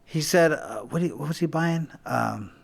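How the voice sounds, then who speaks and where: Guy rambling thru old stories, fairly high voice for a man, lots of restarts. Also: moderate pace, creaky, slightly rough. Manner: rambling, many restarts, acts out quotes. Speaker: guest, former boxer. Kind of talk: casual storytelling.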